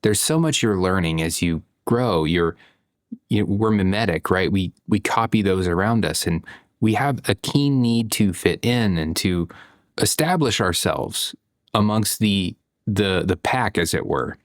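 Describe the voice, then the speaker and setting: A man's voice: deep voice, normal speed, dry recording, studio quality. A man in his thirties talking through a reflective vlog monologue, conversational, with frequent "you know" and "right?". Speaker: parent vlogger.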